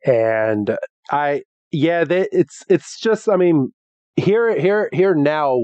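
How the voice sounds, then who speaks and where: A man's voice: fairly high pitch, lively intonation, takes it slowly, a little mellow, no room sound, muffled recording. A man hosting a podcast, casually recapping a cartoon episode with a lot of restarts and acted-out quotes. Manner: rambling, restarts, acts out quotes. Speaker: podcast host.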